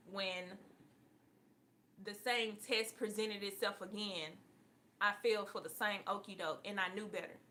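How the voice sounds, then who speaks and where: Bright-voiced woman preaching casually with profanity. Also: medium pitch. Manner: profane, preachy, laughing often. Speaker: online spiritual reader. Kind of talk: casual live-stream talk.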